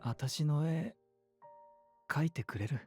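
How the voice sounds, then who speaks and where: An actor voicing a gentle, tearful young man in a visual novel, speaking softly and gratefully. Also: fairly high pitch, normal speed, soft background music, close to an everyday voice. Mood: tender.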